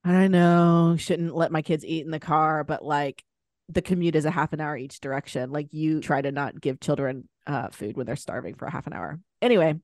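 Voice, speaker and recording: A woman's voice: low-pitched, moderate pace, no room sound, studio quality. A woman co-hosting a podcast in casual chat, telling stories and acting out what others said. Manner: animated storyteller, acts out quoted voices. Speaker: podcast co-host.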